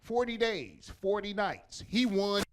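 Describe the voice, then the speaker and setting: A man doing a loud, profane stand-up set on a comedy club stage, working the crowd. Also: high-pitched, slow, slight background noise. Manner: loud, animated, profane storytelling with crowd work.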